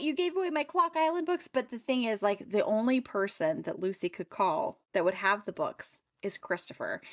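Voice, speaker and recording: A woman co-hosting a book club podcast in easy, casual chat. She retells the plot with energy and slips into quick voices for the characters. Her pitch sits in the middle for a woman. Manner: animated, acts out characters' lines while retelling.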